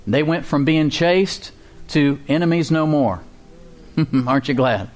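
A man's voice: on the high side, a little slow. A male pastor preaching a sermon and leading a prayer, with a preaching cadence and call-and-response with the congregation.

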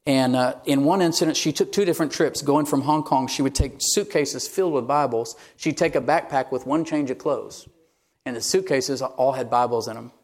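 A man's voice: medium pitch, normal speed. A male pastor delivering a sermon, telling a story in a conversational way and reading quoted passages aloud.

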